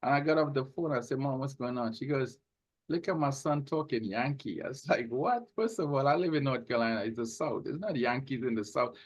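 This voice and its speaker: A man from Trinidad with a softened Trinidadian accent, co-hosting a casual talk show and telling stories. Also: mid-range voice, brisk, low-quality recording. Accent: Trinidadian, softened toward North American. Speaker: podcast co-host. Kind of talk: casual chat.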